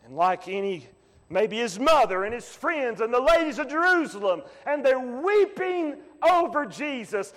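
A man preaching as a pastor, impassioned, breaking into shouts to drive points home. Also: very high voice, big pitch swings, unhurried, big-room sound. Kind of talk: sermon.

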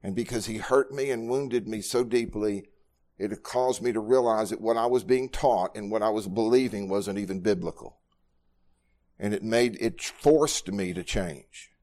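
A man's voice: on the low side, moderate pace, a little mellow. A middle-aged man, a pastor, teaching a Bible study sermon in an earnest way, often repeating words as he speaks.

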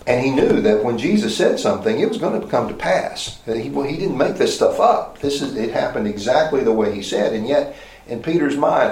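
A man teaches a Bible lesson in a relaxed, conversational way, breaking off and restarting his sentences and checking in with rhetorical questions. His voice sits at an ordinary middle pitch. The sound is roomy, with a noticeable echo around him. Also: brisk. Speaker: preacher. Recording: roomy echoey hall.

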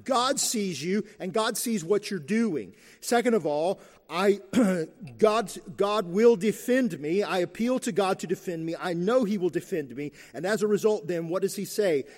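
Male preacher, high voice, emphatic sermon delivery that drives points home by repeating them. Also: animated, unhurried, a little mellow, in a large hall. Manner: emphatic, repeats key phrases.

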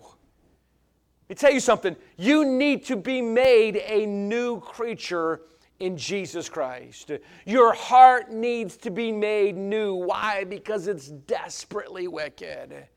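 High-voiced man preaching with big swings. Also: big pitch swings, slow pace. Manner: emphatic, swings from shouting to quiet asides; folksy, plain-spoken with humor. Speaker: pastor. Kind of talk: sermon.

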